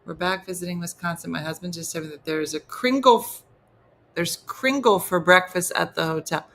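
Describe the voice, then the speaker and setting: A woman's voice: lowish voice, moderate pace, a bit bright, slight background noise. A woman with a New Jersey accent hosting a casual comedy livestream, reading viewer comments and teasing them in playful mock disgust. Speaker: comedy morning show host.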